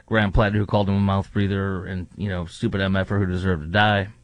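A man's voice: sits low, level tone, fast, no echo. A man hosting a talk show, giving political commentary with sarcastic, mocking asides.

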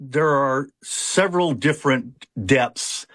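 The founder of a hypnosis center, a hypnotist, explains his methods in an interview, answering conversationally with frequent fillers and restarts. His medium-pitched voice is slow and fairly bright, recorded as clean studio sound with no room sound.

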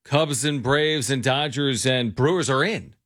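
A man co-hosting a sports radio show, animated and casual, often saying "dude" and "like.". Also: mid-range voice, unhurried.

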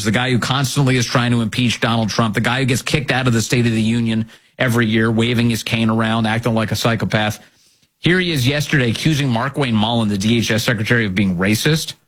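Husky guy doing political commentary, snarky and mocking, medium pitch. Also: fairly even intonation, fast talker, fairly bright tone. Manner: sarcastic, mocking. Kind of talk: commentary reading news and clips.

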